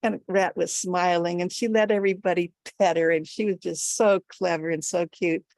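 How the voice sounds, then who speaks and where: An older woman telling a folktale at a storytelling event, with an animated, expressive delivery. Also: on the low side, normal speed, no room sound.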